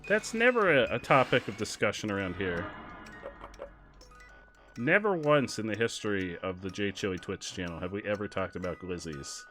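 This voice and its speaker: A young man streaming a game, joking with chat and swinging between loud outbursts and quiet mumbling. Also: fairly low pitch, lively intonation, moderate pace, faint music behind. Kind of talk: livestream gameplay commentary.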